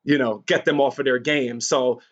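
A man with a mid-range, fairly even voice talks at a moderate pace, candidly recounting his personal experiences as an interview guest. His storytelling rambles, full of fillers and restarts, and the recording sounds dull and lo-fi.

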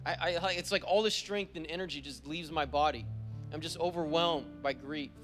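High-voiced pastor preaching with emphatic repetition. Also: male voice, fairly bright tone, soft background music. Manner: slows down when reading scripture aloud. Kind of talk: sermon. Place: church service.

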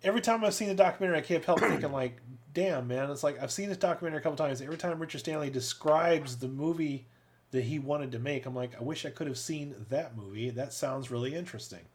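A man's voice: a little high, fast talker, a little hiss or hum. A man in casual podcast chat, rambling and profane about movies. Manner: rambling, self-aware, profane.

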